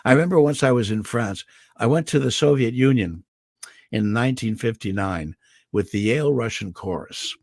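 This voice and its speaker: An older man from Indiana, a guest voice actor telling animated stories about his life on a video call. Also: mid-range voice, normal speed, creaky, no echo, clean studio sound. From Indiana, USA. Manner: animated storyteller, slips into character voices for quotes. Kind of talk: anecdotal storytelling.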